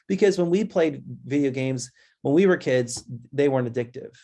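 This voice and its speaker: Speaking with vocal fry and a slightly mellow quality, a man hosts a webinar and addresses everyone as guys. His delivery is casual and fidgety, with rapid pitch changes when he does kids' voices.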